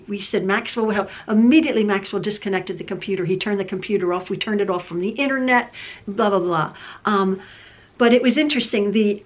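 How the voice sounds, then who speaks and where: An older woman with a medium-pitched voice hosts a quilting channel, talking casually to the camera from her sewing room at home. She rambles, restarts her sentences, and uses many fillers.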